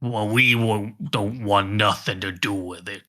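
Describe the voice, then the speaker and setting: A man voicing a crude, dismissive male bugbear grunt in a tabletop game, blunt, rough and swearing. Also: on the low side, fairly even intonation, a little slow, bright, forceful tone. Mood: wary. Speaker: game master.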